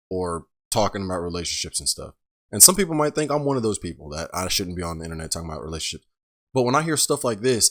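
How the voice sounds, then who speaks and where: A man's voice: on the low side, fairly bright tone. A man hosting a reaction show, giving blunt commentary full of rhetorical questions. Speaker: reaction host. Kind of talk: casual commentary on a clip.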